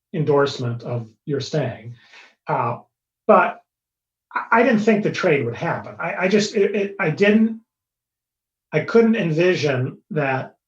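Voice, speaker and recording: A man in his fifties, a former pro hockey player, retelling a story in an interview, full of fillers and quoted dialogue. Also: fairly high pitch. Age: 50s. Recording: roomy, slightly dull sound.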